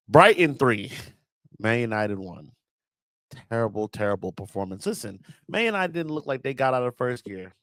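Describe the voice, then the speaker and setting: A man's voice: medium pitch, fairly bright tone, no room sound. A man with a Southern US accent hosting a casual football reaction, exasperated and slangy, repeating words for emphasis. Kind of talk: casual fan rant.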